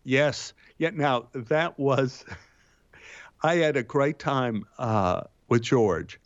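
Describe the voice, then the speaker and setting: Speaking extremely slowly, this actor shares anecdotes as a guest, raising his voice whenever he hits a punchline or a quote. The sound is lo-fi and dry, with no echo.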